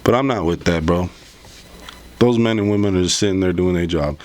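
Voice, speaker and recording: A man's voice: deep voice, fairly quick, darkish tone. A man hosting a commentary vlog, talking in a rambling, conversational way and calling his viewers "bro". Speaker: political commentary vlogger.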